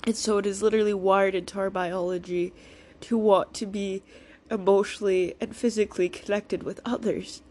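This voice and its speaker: A woman's voice: medium pitch, steady tone, normal speed, dark tone. A woman in a raw, emotional personal vlog, talking through tears, reassuring herself and swearing freely. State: crying, emotional. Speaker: vlogger.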